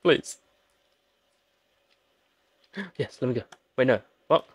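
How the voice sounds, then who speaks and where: A man's voice: medium pitch, expressive, takes it slowly, breathy edge, no echo. A man doing jokey let's-play commentary, pleading with and teasing the characters on screen. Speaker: gaming channel host.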